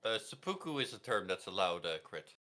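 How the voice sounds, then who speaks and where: A man co-hosting a live game stream, joking in quick asides. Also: deep voice, very animated, a crowd in the background. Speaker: stream co-host. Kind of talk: casual let's play commentary.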